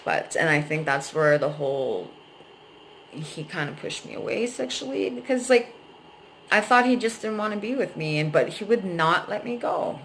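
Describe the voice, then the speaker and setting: A woman's voice: lowish voice, sing-song, normal speed, fairly bright tone, slight background noise, rough recording. Frank, emotional woman venting to camera. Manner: frank, emotional, swears freely. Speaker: vlogger. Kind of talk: candid personal venting.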